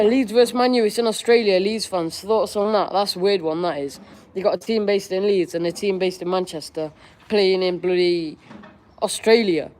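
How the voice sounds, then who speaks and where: A young football fan streamer with a high voice and a darkish tone runs a live Q&A, reading viewers' questions aloud. He answers in a chatty, candid way, using casual slang.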